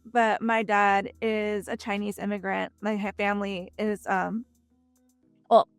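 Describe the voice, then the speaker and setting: A young woman from Texas, a voice actress chatting in an interview, talking freely with many fillers and lively asides. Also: medium pitch, a little slow, clear, resonant tone, dry recording, faint music behind. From Texas, United States. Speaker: voice actress guest. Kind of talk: casual interview chat.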